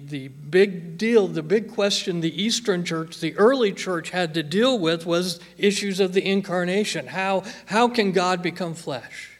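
A male pastor delivering a sermon at an unhurried pace. He speaks in a slightly raised register, stressing and repeating phrases to drive points home. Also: sits high. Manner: slow, emphatic preaching with repeated phrases.

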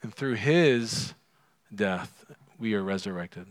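A pastor preaching a conversational sermon to his congregation, swinging from loud and emphatic to quiet and hushed, often asking the listeners questions. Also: on the low side, lively intonation, takes it slowly.

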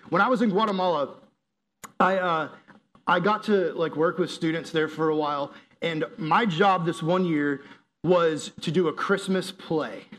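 A young man from the United States preaches to young people in a relaxed, storytelling way, with a voice pitched high for a man. He jokes, drops slang and lets the tale run loose. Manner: casual and joking, uses slang. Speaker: youth pastor. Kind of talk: casual youth sermon with storytelling.

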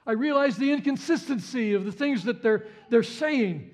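A man with a high, light voice delivers a sermon as a pastor. He builds with repetition, leans on phrases again and again, and breaks into sudden sharp exclamations. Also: animated, normal speed, hardly any pauses. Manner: impassioned, repeats phrases, jumps to high exclamations.

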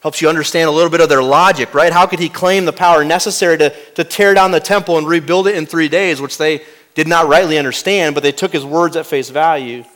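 Dramatic preaching man with fairly high voice. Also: fast talker. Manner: dramatic, swinging from loud to hushed; rhetorical questions to the congregation. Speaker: pastor. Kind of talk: sermon.

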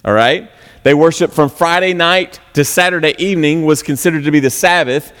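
A man preaching a conversational sermon as pastor, animated and a little sarcastic, asking the congregation questions. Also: on the high side, fairly quick, clear, resonant tone. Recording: long hall reverb.

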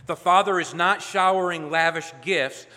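A man preaching a sermon as pastor, emphatic, building to loud peaks and dropping low. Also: normal speed. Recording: long hall reverb.

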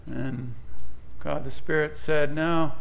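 A man's voice: measured pace, vocal fry, a little hiss or hum. A middle-aged man preaching a sermon as a pastor, mixing conversational personal stories with fervent, rising emphasis. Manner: rises to fervent, high-pitched emphasis at key points.

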